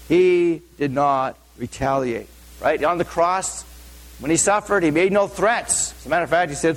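Man preaching with a higher voice. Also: measured pace. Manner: asks the audience frequent questions; informal, with many fillers and restarts. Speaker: pastor. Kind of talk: conversational sermon.

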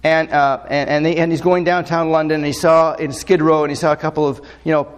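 A man's voice: fairly high pitch, flat delivery, brisk, clear, resonant tone, big-room sound. A man preaching a sermon in a loose, conversational way, full of fillers and rhetorical questions. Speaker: pastor.

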